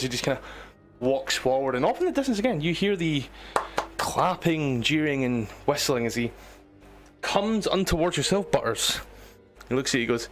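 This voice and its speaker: A man running a tabletop game as game master, narrating in a relaxed, descriptive way. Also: a little high, normal speed, noisy background.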